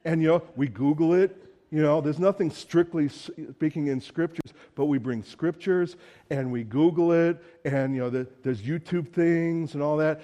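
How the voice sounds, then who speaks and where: A teenage son, as a preacher puts him on rambles through earnest excuses. The voice is mellow and low-key, a touch below the man's usual pitch. It sounds like an everyday voice, not a broad caricature. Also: normal speed, natural voice. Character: teenage boy boasting of church work.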